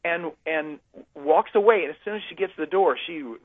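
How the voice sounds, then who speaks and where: A man's voice: on the high side, brisk, breathy edge, no room sound. A man from the United States talking with many fillers and restarts as he tells a long story to a host, heard over a phone line. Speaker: guest speaker. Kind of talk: conversational storytelling.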